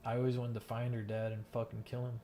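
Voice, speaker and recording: A young man from the Miami area talks on a gaming headset while he plays, spilling a painful personal story. His delivery is rambling and profane, full of fillers and restarts, with a flat, level pitch. A faint computer hum sits under his voice. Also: quick pace. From Miami area, United States. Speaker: gamer in voice chat, active soldier. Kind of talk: casual storytelling during gameplay.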